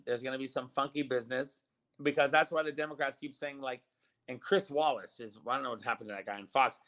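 Man, 50s, bright forceful tone, animated storyteller, casual podcast talk. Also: mid-range voice, poor audio. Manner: animated storyteller, lively retelling of arguments.

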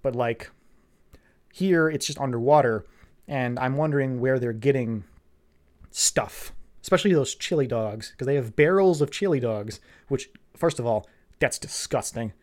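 A man with a mid-range voice, speaking at a moderate pace, recaps a cartoon's plot for comedic effect. His recap is sarcastic and rambling, and he swears a lot.

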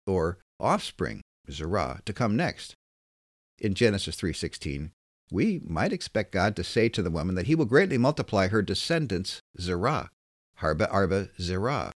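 A man reading a scripted Bible lesson in a measured, emphatic way. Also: lowish voice, dry recording, studio quality. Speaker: Bible teacher.

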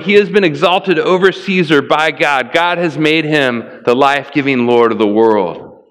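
A man preaching a sermon in a casual, conversational way, acting out little dialogues in a raised voice. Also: a bit bright. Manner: casual and conversational, acts out dialogue with rising pitch. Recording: long hall reverb.

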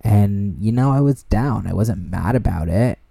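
Laid-back young man with a dark voice. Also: fairly low pitch, measured pace, vocal fry, slightly rough. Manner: animated, swears freely, many fillers. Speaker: podcast host. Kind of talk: casual storytelling monologue.

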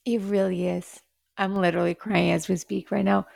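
A woman's voice: mid-range voice, level tone, normal speed, creaky, a little mellow, no room sound, clean studio sound. A woman co-hosting a podcast, reacting emotionally and chatting casually about a TV episode. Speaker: podcast co-host. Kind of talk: casual recap chat.

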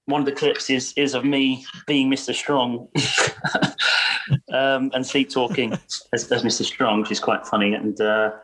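A man's voice: medium pitch, level tone, unhurried, a bit bright, low-quality recording. A man being interviewed as a guest, speaking casually and hesitantly, with lots of repeated words. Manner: hesitant, many restarts and repeats.

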